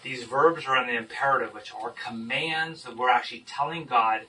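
A man leading a group Bible study, teaching with emphatic, lively energy. His voice is very bright and forward. He sounds a little distant from the mic, with faint noise in the background. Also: medium pitch, a little fast. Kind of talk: teaching discussion.

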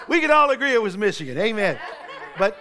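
A middle-aged man, preaching in church with folksy joking stories that build to shouted preaching. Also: high-pitched, heavy background noise. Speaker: pastor. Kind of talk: sermon.

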